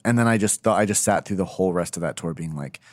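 A man's voice: deep voice, fast, a little mellow, no room sound, clean studio sound. A man co-hosting a podcast, talking casually with a hesitant, meandering manner. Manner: hesitant, full of fillers and asides. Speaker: podcast co-host. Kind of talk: casual chat.

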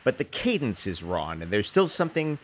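A man's voice: fairly low pitch, sing-song, a little fast, slight background noise. A man hosting a podcast interview, talking enthusiastically and laughing easily with his guest. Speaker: podcast host. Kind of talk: conversational interview.

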